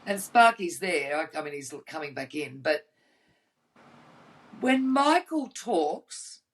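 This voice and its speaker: An Australian woman co-hosting a podcast tells blunt, cheeky stories in a casual chat over a video call, a chatty storyteller at heart. Her low-pitched voice is sing-song and slow, and the recording is rough.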